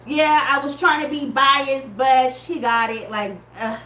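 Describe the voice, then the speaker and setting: A woman in casual chat, telling an animated story and calling her listeners y'all. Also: on the high side, normal speed, hardly any pauses. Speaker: podcaster reviewing a music battle. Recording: echoey room with faint background noise.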